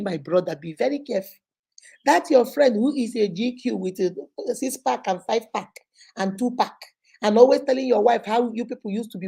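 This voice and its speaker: Nigerian lady teacher preaching life lessons on her channel, kinda high but mellow and husky. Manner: animated, preachy, mixes in Igbo phrases. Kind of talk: motivational storytelling talk.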